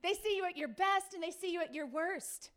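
A woman pastor delivers a sermon in a very high voice. She tells her stories with energy, acting out the people in them and asking her listeners questions directly. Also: fairly quick. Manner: lively storytelling, acts out quoted people; speaks to the audience directly with questions.

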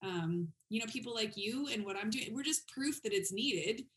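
Bright, chatty woman podcast host. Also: on the high side, lively intonation. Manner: chatty, fast, lots of "like" and "you know". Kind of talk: casual interview chat.

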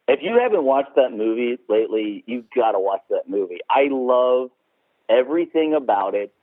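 A man's voice: medium pitch, very animated, moderate pace, no echo. A man hosting a podcast in casual chat, swearing freely, laughing often and acting out quotes. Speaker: podcast host. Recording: tinny phone-like sound.

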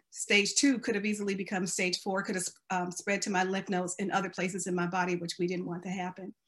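A woman's voice: mid-range voice, a bit bright. Determined American woman telling her story. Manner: earnest, faith-filled, determined storytelling. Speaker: cancer survivor sharing her story. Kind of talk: personal testimony.

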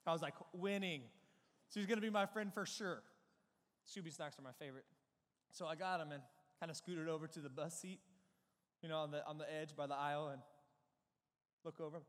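Excitable high-voiced young preacher. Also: male voice, brisk, long pauses, long reverb tail. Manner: animated, excitable storytelling. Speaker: youth pastor. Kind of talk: sermon with a personal story.

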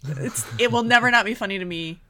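A woman co-hosting a podcast in casual chat, animated and exclamatory, laughing easily and often clearing her throat. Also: mid-range voice, fast talker. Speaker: podcast co-host.

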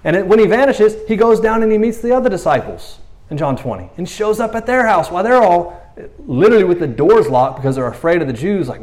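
A pastor with a high, darkish voice talks fast and animatedly through a casual, conversational sermon. He tells stories, acts out quoted lines in playful voices, and drops in fillers like "you know what I mean."

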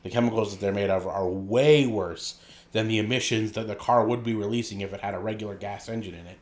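A man's voice: lowish voice, steady tone, fast talker. A man co-hosting a podcast in casual, joking chat, laughing often and talking animatedly. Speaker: podcast co-host.

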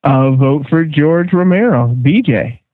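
Animated man hosting a podcast, lo-fi. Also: on the high side, unhurried, no room sound. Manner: animated, moderating votes. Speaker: podcast host. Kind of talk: casual podcast chat. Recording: tinny lo-fi phone-like sound.

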